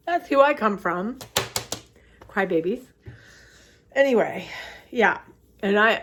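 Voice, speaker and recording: A woman's voice: mid-range voice, fairly bright tone, slight background noise. A middle-aged woman vlogging in a casual, rambling way, reflective and heartfelt, tired and close to tears. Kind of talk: casual personal vlog chat.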